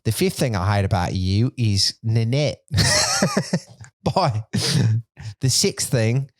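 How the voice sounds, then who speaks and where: A man's voice: medium pitch, wildly swooping pitch, slow pace, no room sound, clean studio sound. A man co-hosting a podcast in casual chat, rambling with many likes and restarts. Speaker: podcast co-host.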